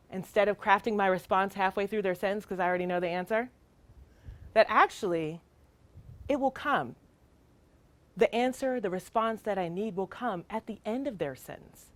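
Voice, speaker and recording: A woman's voice: mid-range voice, no echo. A middle-aged woman giving a child welfare training talk, earnest and emphatic in a conversational way.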